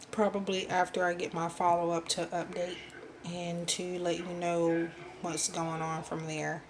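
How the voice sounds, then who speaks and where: Woman tarot reader, breathless and subdued, slow halting delivery, noisy home recording. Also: level tone. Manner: soft, low-voiced, halting with many ums. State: out of breath, unwell. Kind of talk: pick-a-card reading.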